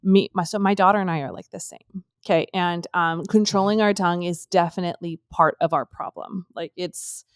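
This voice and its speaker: A woman in her thirties co-hosting a casual faith podcast, thoughtful and full of "like", slowing down to stress her points. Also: on the low side, no echo, studio quality. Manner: thoughtful, many "like" fillers, slows down on key points. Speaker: co-host.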